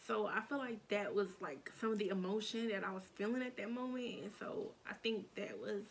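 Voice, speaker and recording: A young woman telling a painful personal story in a halting, emotional way, with many restarts and fillers. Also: mid-range voice, creaky, slight background noise. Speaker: storytime vlogger.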